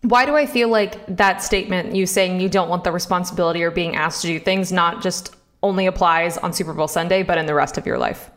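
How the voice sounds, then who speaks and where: A woman's voice: fairly low pitch, fairly quick, hardly any pauses, fairly bright tone. A woman co-hosting a sports talk show, chatty and enthusiastic, with plenty of fillers and teasing. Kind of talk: casual chat.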